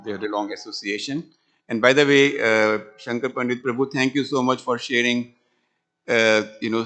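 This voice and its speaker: A man's voice: medium pitch, fairly bright tone. A man acting as emcee at a memorial, politely thanking and introducing speakers. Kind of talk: ceremony introduction.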